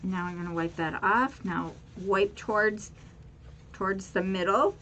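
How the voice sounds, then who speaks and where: A woman's voice: medium pitch, a little slow, fairly bright tone, highs cut off, slight background noise. A woman hosting a casual craft tutorial, explaining step by step in a chatty way with frequent repeats and fillers. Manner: chatty, repeats words, addresses viewers as guys. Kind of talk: casual how-to demonstration.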